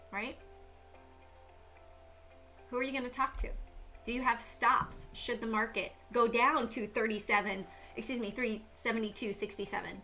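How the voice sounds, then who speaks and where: A woman hosting a stock market livestream, talking through charts in a casual, animated way with lots of rhetorical questions. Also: a little high.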